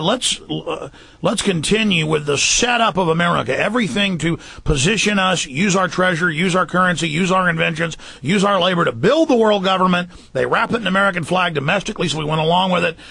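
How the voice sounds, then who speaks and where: A man hosting a talk radio show, speaking in an urgent, rapid, forceful monologue with fillers. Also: high-pitched, vocal fry, husky, no room sound.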